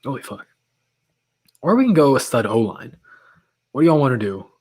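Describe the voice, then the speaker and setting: A man's voice: medium pitch, sing-song, normal speed, a little mellow, husky. A man hosting a late-night livestream, chatting casually with viewers and reading their comments aloud while his voice is getting worn. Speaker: livestream host.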